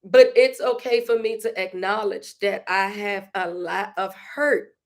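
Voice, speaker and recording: A woman's voice: mid-range voice, fairly even intonation, creaky. A woman hosting a casual, reflective monologue, emotional and repeating herself, with frequent laughs. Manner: conversational, slow, emotional, laughs often, repeats phrases. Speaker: podcast host.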